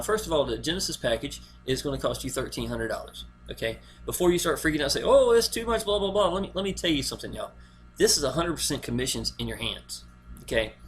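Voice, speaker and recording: A mid-range, slightly bright male voice, with a little hiss or hum, pitches a network marketing plan in a casual video. He talks straight to the viewer in a folksy, rambling way and keeps saying "y'all."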